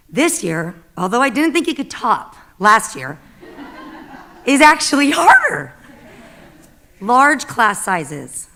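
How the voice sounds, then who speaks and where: A woman's voice: mid-range voice, fairly bright tone. Woman, middle-aged, teacher, public comment, emotional, crying, earnest plea. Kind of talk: public comment at a school board meeting.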